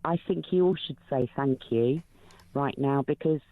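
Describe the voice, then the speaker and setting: A woman in her fifties calling in to a talk show, speaking emotionally and haltingly with many fillers. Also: rumbling low, dry recording. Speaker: caller. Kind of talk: phone-in call. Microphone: telephone. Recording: tinny phone line.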